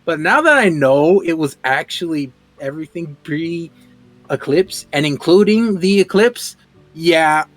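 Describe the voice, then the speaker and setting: A fairly high-voiced man chatting on a casual podcast. He gets animated, laughs often and repeats words as he builds to a point. Faint music plays underneath. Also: slow. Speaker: podcast co-host.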